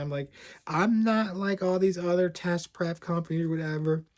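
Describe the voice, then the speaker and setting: A man's voice: on the high side, moderate pace. A man who coaches premed students, telling his own story to camera in a loose, rambling way, often trailing off with "whatever". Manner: rambling, animated, repeats "whatever".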